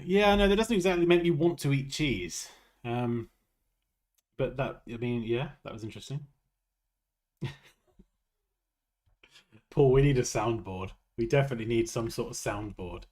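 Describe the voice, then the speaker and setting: A man's voice: normal speed, long pauses. A man hosting a casual design livestream, joking and bantering. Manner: playful, jokey banter with lively pitch swings. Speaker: livestream host.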